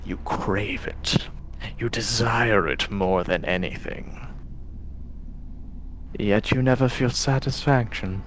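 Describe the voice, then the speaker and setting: A man voicing a disembodied, sinister voice in whispered role-play, slow, hushed and coaxing. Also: lowish voice, slight background noise. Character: disembodied tempting voice, sinister and patient.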